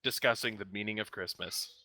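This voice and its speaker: A man's voice: lowish voice, brisk, pushed and bright. A man co-hosting a podcast, telling a wry story in casual banter. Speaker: podcast co-host.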